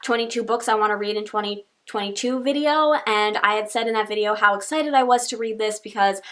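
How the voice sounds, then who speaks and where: A woman's voice: medium pitch, fairly quick, fairly bright tone. A young woman chatting casually through a book wrap-up, rambling with lots of "like" fillers. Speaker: book reviewer. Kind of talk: casual monthly reading wrap-up.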